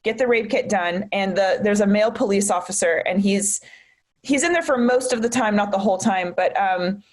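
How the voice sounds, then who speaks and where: A woman's voice: mid-range voice, moderate pace. A young woman, a comedian guesting on a podcast, telling a personal story in a chatty way, full of fillers like "like". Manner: chatty, filler-heavy with frequent "like".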